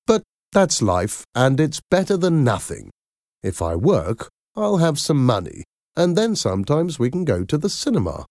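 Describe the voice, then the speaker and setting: A man's voice: fairly high pitch, huge pitch swings, moderate pace, darkish tone, dry recording, studio quality, pitched above the performer's own voice. A man reading a storybook voices a hopeful out-of-work father who talks eagerly and cheerfully.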